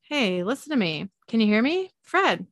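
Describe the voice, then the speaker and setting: A woman's voice: fairly high pitch, big pitch swings, normal speed, no room sound, voice pushed up. A woman reading the lines of an earnest young man who coaxes and pleads, in her own voice. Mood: urgent.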